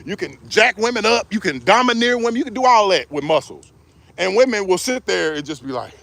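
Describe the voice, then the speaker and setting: A man's voice: sits high, very animated, fairly quick, vocal fry, sharp tone. A middle-aged man giving relationship advice in a joking, preachy way. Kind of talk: casual advice monologue.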